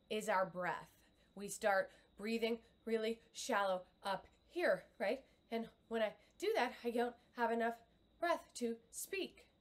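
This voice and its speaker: Middle-aged woman, coach leading a live webcam lesson, upbeat and encouraging. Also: medium pitch. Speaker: communication coach.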